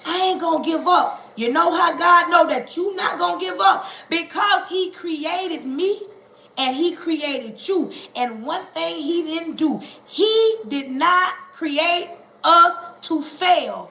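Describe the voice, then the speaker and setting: A woman preaching a livestream sermon, calling on listeners to say ouch, with a church cadence that stretches words and builds to shouting. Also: very high voice, expressive, slow, roomy sound, rough recording.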